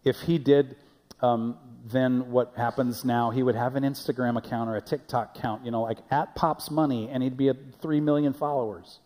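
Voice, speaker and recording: Conversational preacher in a reverberant church. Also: male voice, mid-range voice, steady tone, normal speed, darkish tone. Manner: conversational, repeats his words and acts out quotes. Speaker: pastor. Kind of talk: sermon. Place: church sanctuary.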